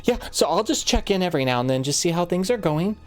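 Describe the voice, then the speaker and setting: A game master voicing an excitable young noblewoman who gushes and giggles as she talks, in a tabletop game role-play. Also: mid-range voice, fast, voice pushed up, close to an everyday voice. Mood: chatty. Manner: breathless, giggly, gushing.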